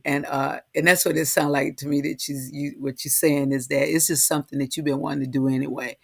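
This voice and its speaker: A co-host in a casual talk show, teasing and laughing quietly as they talk. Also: mid-range voice, flat delivery, fairly quick, vocal fry. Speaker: podcast co-host. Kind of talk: casual conversation.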